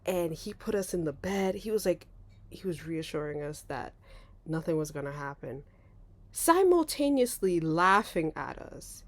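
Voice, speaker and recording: A young woman vlogger telling a story casually, animated and laughing, acting out voices with big jumps. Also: sits low, measured pace.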